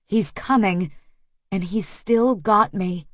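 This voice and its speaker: A woman reads a first-person romance audiobook very slowly, in a breathy and intimate voice. The recording is dry and close, with slightly dull highs. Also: no room sound. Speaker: audiobook narrator.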